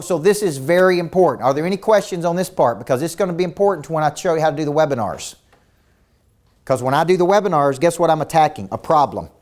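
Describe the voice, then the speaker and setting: A man's voice: a little high, a little mellow. Intense, emphatic male business coach. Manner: intense, emphatic, fires rhetorical questions; repeats words when starting a point. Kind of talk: virtual coaching seminar.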